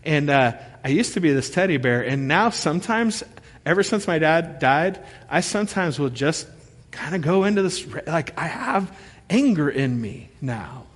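A man in his thirties preaching a sermon, telling stories with animated energy and acting out what people said. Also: a little high, normal speed. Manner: animated storytelling, acting out quotes. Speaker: pastor. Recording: long reverb of a large hall.

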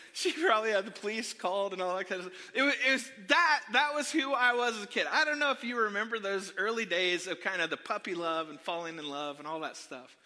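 Bright-voiced pastor with echoing hall sound. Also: male voice, high-pitched, brisk. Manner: animated, self-deprecating storytelling. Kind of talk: sermon with personal storytelling. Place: church sanctuary. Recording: long hall reverb.

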